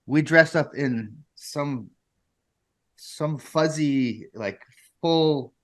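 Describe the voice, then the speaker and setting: A man's voice: on the high side, drawn-out words, a bit bright. A man chatting on a podcast and telling a lighthearted story about an old job. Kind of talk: casual podcast conversation.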